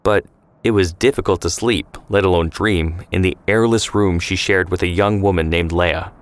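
Male narrator, very low pitch, calm scripted storytelling. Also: normal speed.

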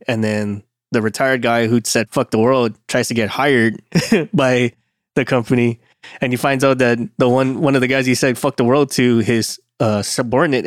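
A man's voice: medium pitch, no room sound, clean studio sound. A man chatting casually on a podcast, laid-back and profane, laughing often at his own stories. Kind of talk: casual chat.

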